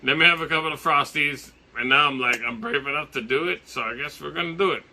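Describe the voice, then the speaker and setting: Excitable jokey man from Hawaii. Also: fairly high pitch, quick pace, a little hiss or hum. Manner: jokey, excitable, laughing, swearing. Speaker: vlogger. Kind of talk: casual vlog.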